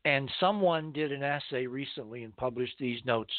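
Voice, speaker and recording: A man's voice: mid-range voice, normal speed, no room sound. A man hosting a casual talk show, telling a rambling story from his childhood. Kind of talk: casual talk-radio conversation. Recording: tinny phone-like line, dry.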